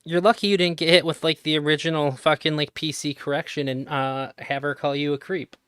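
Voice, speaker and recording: A man's voice: a little high, steady tone, brisk, a bit bright, clear, resonant tone, no echo, clean studio sound. A young adult man in casual chat, laid-back and swearing casually.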